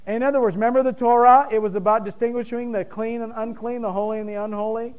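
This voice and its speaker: A man's voice: very high voice, steady tone, quick pace, clear, resonant tone, narrow, tinny audio. A man preaching a sermon with emphatic bursts and questions thrown to the congregation. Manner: emphatic, rising to loud points, quizzes the congregation.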